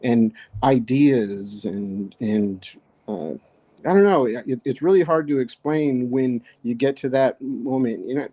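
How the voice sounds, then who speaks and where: A man speaking as a podcast guest in casual conversation, reflective and halting, often restarting his sentences. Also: medium pitch, warm tone. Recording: dull lo-fi sound.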